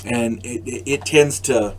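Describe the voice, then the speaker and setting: Older man, channel host, casual explainer to camera, stop-start delivery with repeated words, dry wry asides, mid-pitched voice. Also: measured pace, a little hiss or hum.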